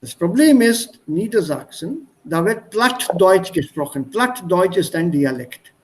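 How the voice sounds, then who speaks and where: This Indian-accented man leads an online German lesson over video call, defining words with chains of English synonyms. He speaks unhurriedly in a high voice with lively intonation, though the recording is rough.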